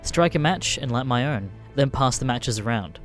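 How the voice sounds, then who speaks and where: Lively, profane male storyteller. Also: medium pitch, moderate pace, soft background music. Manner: casual, profane, wry. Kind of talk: spoken story narration.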